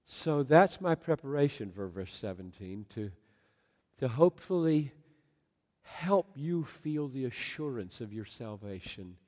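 A man preaching a sermon in a large hall, swinging from loud exclamations to soft near-whispers. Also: medium pitch, lively intonation, measured pace. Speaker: pastor. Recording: long hall reverb.

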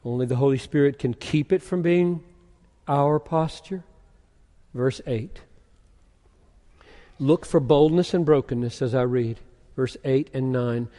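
A man's voice: mid-range voice, measured pace, long pauses, mellow. A man preaching a sermon, asking rhetorical questions and reading scripture aloud with rising, emphatic force. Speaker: pastor. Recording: long hall reverb.

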